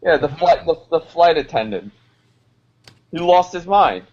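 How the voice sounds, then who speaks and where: Casting: higher-voiced young guy, animated storyteller, muffled lo-fi podcast sound. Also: unhurried, pauses often. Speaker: podcast co-host. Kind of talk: casual chat. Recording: dull lo-fi podcast audio.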